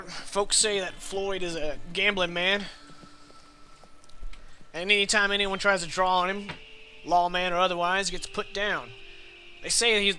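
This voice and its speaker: A man's voice: high-pitched, bright, forceful tone, a little hiss or hum. A man voicing a weary, dry-humored frontier gunsmith with a folksy drawl and hesitant fillers.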